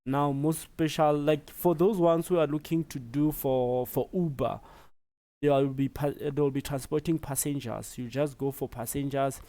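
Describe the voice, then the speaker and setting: A South African man giving a relaxed step-by-step tutorial, with many fillers as he explains. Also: medium pitch, moderate pace. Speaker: tutorial presenter. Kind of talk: screen-recorded tutorial.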